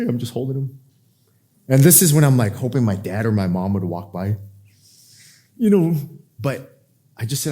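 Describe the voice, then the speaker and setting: Animated preacher acting out scripture voices. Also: male voice, moderate pace, long pauses. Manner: animated, acts out scripture voices with sudden pitch jumps; drops to a soft, hushed voice for emotional moments. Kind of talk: expository sermon.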